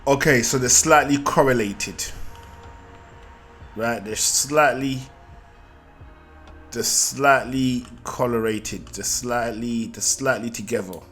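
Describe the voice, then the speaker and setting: A man's voice: mid-range voice, takes it slowly, long pauses, fairly bright tone, faint music behind. A man giving a live market analysis, thinking aloud and repeating phrases, often checking in with "right?". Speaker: trading analyst.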